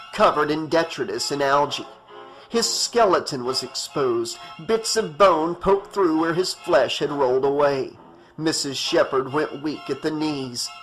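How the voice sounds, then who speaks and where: A man's voice: on the high side, a bit bright, poor audio. A man reading a horror novel aloud as an audiobook narrator, in a tense, dramatic way.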